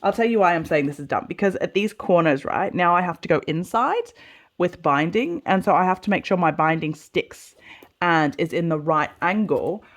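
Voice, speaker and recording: This Australian sewing vlogger has a lowish voice and a moderate pace. She chats casually through a sew-along, talking to herself as she works and laughing at the mistakes she makes.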